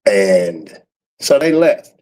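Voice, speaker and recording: A man's voice: lowish voice, very animated, extremely slow, darkish tone, slight background noise, rough recording. A man YouTuber talking in a casual rambling monologue, full of street slang, chuckles and trailing fillers.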